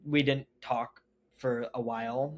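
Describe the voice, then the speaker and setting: A young man, a podcast guest, telling a story in a casual, animated way, acting out other people's lines and saying "like" often. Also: medium pitch, slow pace, a little hiss or hum. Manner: animated, acts out family members' lines, heavy "like" fillers.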